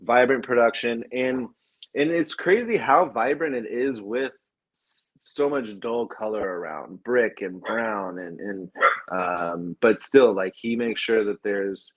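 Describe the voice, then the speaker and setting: Excitable man rambling about films. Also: mid-range voice, measured pace. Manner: enthusiastic, rambling, restarts sentences. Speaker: podcast host. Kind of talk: casual film discussion.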